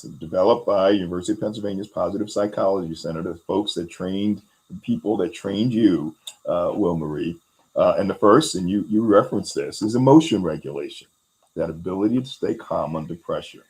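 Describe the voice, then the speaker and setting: A man with a very low voice talks a guest through ideas about resilience. He keeps it casual, with plenty of fillers, and he briefly acts out little quotes as he goes. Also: fairly quick, darkish tone, rough recording. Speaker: host. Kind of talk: explaining resilience skills in a conversation.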